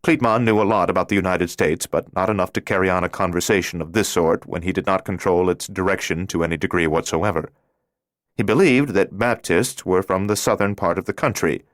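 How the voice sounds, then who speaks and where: Deep-voiced male audiobook narrator. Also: a little fast, no echo, studio quality. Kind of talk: scripted narration.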